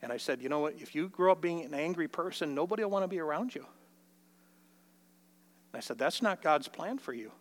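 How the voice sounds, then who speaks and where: A man's voice: animated, a little fast, long pauses. An older man telling a folksy personal story in a sermon, acting out the dialogue in a raised voice. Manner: folksy, acts out the dialogue with rising pitch.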